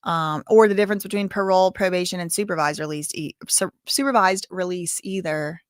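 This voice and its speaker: A woman hosting a casual livestream, thanking viewers and talking in a halting, emotional way full of "like". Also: lowish voice, no echo, studio quality. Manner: chatty, halting, heavy use of "like", openly emotional. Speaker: livestream host reading viewer donations.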